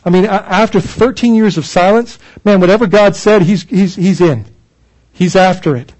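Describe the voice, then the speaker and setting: This pastor's sermon mixes scripture read aloud with emphatic, earnest explanation, and he often restarts phrases. At a moderate pace, his high voice sounds a little mellow, though the audio quality is poor.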